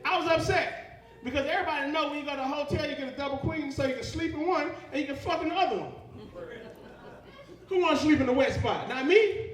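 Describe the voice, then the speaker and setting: A man's voice: very high voice, quick pace, echoey room, recorded from a distance. A young man doing live stand-up comedy, profane and rambling as he works the crowd. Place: comedy club stage. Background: audience laughter.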